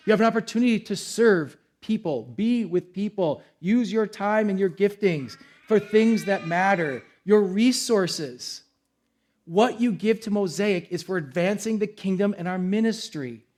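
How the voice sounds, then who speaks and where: A young adult man preaching a sermon as pastor, in a casual, conversational way with acted-out quotes. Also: high voice. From United States.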